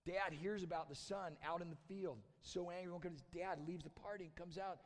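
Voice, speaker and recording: High-voiced preacher in a reverberant church. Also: male voice, brisk, few pauses. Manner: storytelling, acting out quoted voices, swings from loud shouts to hushed near-whispers. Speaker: pastor. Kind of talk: sermon.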